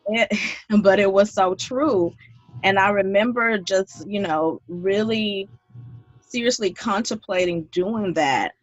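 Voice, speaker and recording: A woman's voice: mid-range voice, takes it slowly, no room sound. Woman, 30s, earnest guest storyteller, dry lo-fi recording. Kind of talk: podcast interview.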